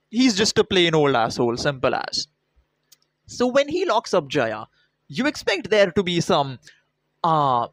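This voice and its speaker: A man's voice: high-pitched, no echo. Sarcastic, profane man ranting. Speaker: film critic. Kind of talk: ranting film review vlog.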